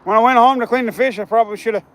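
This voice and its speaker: Man, high-pitched and hoarse, rambling outdoor stream host, chatty and easygoing. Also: very fast, fairly bright tone. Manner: chatty, rambling, repeats himself. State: hoarse, scratchy throat. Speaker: fishing livestream host. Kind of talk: casual live-stream chat. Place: outdoors on a riverbank.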